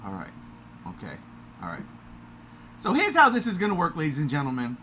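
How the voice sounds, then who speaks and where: Loud, lively, bright-voiced male podcast host. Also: on the high side, fairly quick, slight background noise. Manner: loud, energetic, self-mocking. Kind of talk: casual livestream chat.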